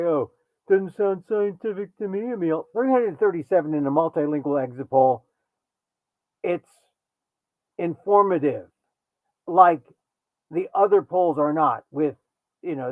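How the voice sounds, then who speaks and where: Wry talk show host, tinny sound. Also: male voice, on the high side, moderate pace, pauses often, no echo. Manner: animated, wry, digressive. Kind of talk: political commentary monologue. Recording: tinny phone-like sound, dry.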